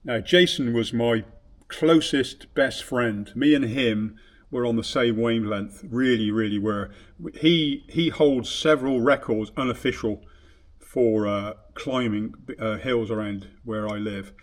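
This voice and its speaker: A man speaks casually to camera from his bike shop, his pitch sitting in an ordinary middle range. He rambles and restarts, scattering fillers as he looks back, and slips into remembered conversations as he retells them. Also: unhurried. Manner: rambling with many fillers and restarts, acts out quoted dialogue. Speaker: bike shop owner and vlogger. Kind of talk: casual reminiscing vlog.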